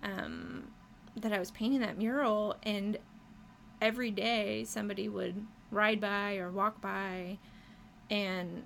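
A woman's voice: mid-range voice, steady tone, slow, creaky, a bit bright, slight background noise. A woman who paints murals, talking casually and enthusiastically in an interview, with many fillers and frequent laughter. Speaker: muralist guest.

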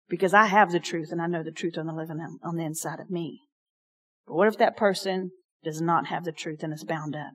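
A woman pastor, preaching a sermon, passionate and emphatic with soft asides. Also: lowish voice, fairly quick.

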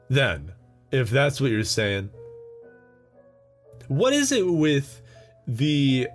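A young American man hosting a solo podcast, rambling and joking with many fillers and laughs. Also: mid-range voice. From United States. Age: young adult. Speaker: podcast host. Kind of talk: solo casual chat.

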